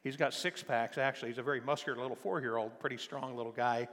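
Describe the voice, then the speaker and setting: An older man preaching a sermon, telling a family story in a conversational way and then rising to loud, impassioned preaching. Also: mid-range voice, steady tone, quick pace. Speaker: pastor. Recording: long hall reverb.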